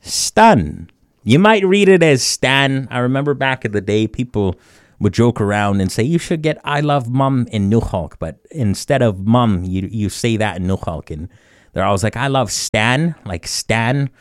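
A man hosting a community radio show, teaching words slowly and often chuckling at himself. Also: on the low side, lively intonation, dry recording, studio quality. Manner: chuckles often, slow deliberate word repetition. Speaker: radio host. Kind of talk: community radio language segment.

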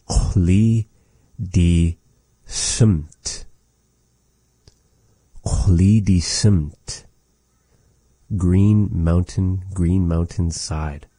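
Very deep, slow-talking man teaching words. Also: steady tone, mellow, no room sound. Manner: repeats each word slowly, chatty asides. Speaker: language teacher. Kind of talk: casual vocabulary lesson.

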